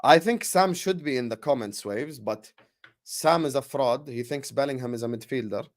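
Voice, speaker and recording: A young man hosting a live football watchalong, chatting with viewers and calling the play with slangy, excitable banter. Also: mid-range voice, moderate pace. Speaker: watchalong streamer.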